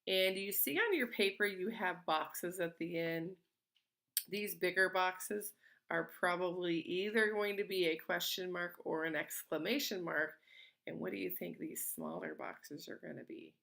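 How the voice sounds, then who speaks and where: A woman teacher giving a slow, patient and encouraging lesson to young children from home. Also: lowish voice, gravelly, fairly bright tone. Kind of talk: remote early-grade lesson.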